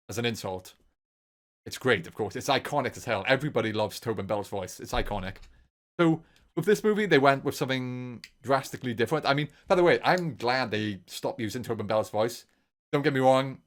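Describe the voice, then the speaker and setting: Speaking in a medium pitch, a man delivers a long, rambling film review on his own. He's informal and enthusiastic, circling back to repeat his points over and over.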